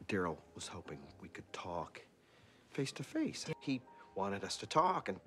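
A low-voiced remorseful husband. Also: male voice, sing-song, unhurried, full character voice. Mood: pleading. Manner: soft, earnest pleading.

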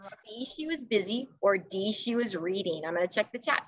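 On a video call with children, a woman teacher reads a picture book in an expressive, coaxing manner, pausing for questions along the way. She speaks in a mid-range voice.

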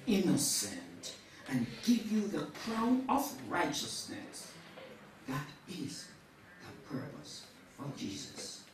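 A woman's voice: a little high, a little mellow. A woman preaching a sermon, dramatically acting out dialogue and building to fervent cries. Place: church sanctuary. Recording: echoey church from far off.

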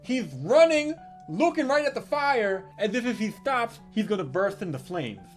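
A young adult man telling a crude comic story in an animated, irreverent way with punchy delivery. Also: high voice, normal speed, soft background music. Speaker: comedic storyteller.

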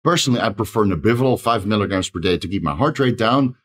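A low, husky-voiced man talks fast in a solo advice monologue for his own channel. He rattles off long lists of numbers and doses, checking in with a quick "right?" along the way. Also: lively intonation, fairly bright tone. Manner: rapid, rattles off lists of dosages with frequent "right?" tags. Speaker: channel host giving advice.

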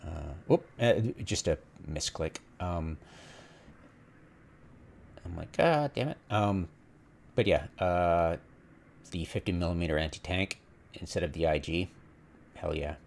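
A man talks through a strategy game replay in a loose, rambling way, acting out what he was thinking at the time. His voice sits very low and has a rough, gravelly edge. Every so often he breaks into quick, excited cheers. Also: a little hiss or hum. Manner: rambling, quotes his own past reactions, bursts of excited exclamations. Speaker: gameplay commentator. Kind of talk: casual game replay commentary.

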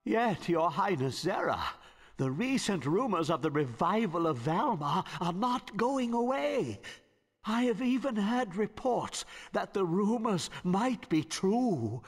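A slow, husky, fearful cardinal. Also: male voice, high-pitched, very animated, exaggerated voice. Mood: anxious. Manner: slow, worried, sighing. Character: fearful older male cardinal, gloomy and anxious. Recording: long reverb, game audio.

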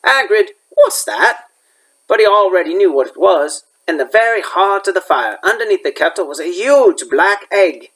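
A man's voice: sits high, animated, normal speed, hardly any pauses, fairly bright tone, poor audio. A male elementary school teacher reading a chapter book aloud, with occasional slips he corrects.

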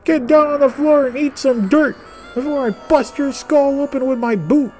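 A man's voice: very high-pitched, moderate pace, darkish tone, faint music behind, voice pushed up. A man voicing a bullying male drill sergeant in a video game walkthrough, barking insults and threats.

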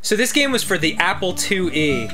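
A man in his thirties hosting a casual gaming show, loud, exasperated and swearing a lot. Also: high voice, sing-song, moderate pace. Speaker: host.

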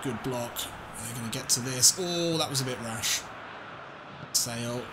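A man commentating on his own football video game career, excitable, swinging between calm muttering and shouting, with laughs. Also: mid-range voice, unhurried, background noise. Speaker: gaming YouTuber.

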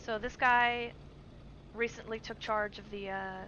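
Woman streamer, slow and bright, chatty and easily startled, on a slightly dull mic with faint hiss. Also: medium pitch, steady tone. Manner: chatty, jumpy, reads on-screen text aloud. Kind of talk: live gameplay commentary.

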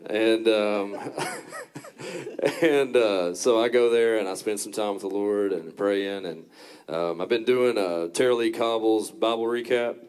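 A man, a worship pastor as guest, sharing reflectively with halting fillers. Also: lowish voice, big pitch swings, a little mellow, smooth. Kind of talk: casual testimony chat.

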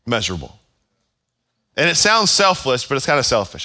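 A man's voice: on the high side, sing-song, a little fast, sharp tone. A man pastor preaching a sermon at a church service, emphatic and full of repeated phrases.

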